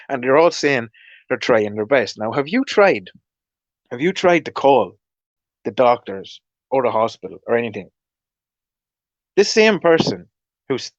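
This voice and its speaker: A man's voice: medium pitch, dry recording, dull audio. A man vlogging an angry, rambling monologue, swearing often and restarting his sentences. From Ireland. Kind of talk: ranting monologue.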